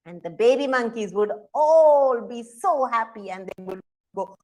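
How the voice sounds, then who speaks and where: Storyteller woman, high voice bouncing all over, takes it slow, does little sound effects for the kids. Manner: animated, with sound effects and audience prompts. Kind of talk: interactive storytelling for children.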